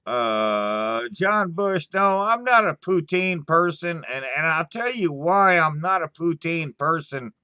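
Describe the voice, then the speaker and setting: A man hosting a livestream, chatting casually with viewers in a halting, stammering way, swearing often and sighing between thoughts. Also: a little high, expressive, pushed and bright, smooth, no echo, clean studio sound. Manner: slow, sighing storytelling. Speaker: livestream host answering chat. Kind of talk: casual rambling chat.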